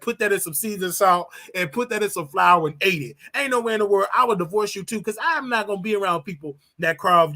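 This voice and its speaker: A man from Chicago hosting a show, giving animated, opinionated commentary on celebrity gossip and often repeating and restarting his words. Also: a little high. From Chicago, United States. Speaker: show host.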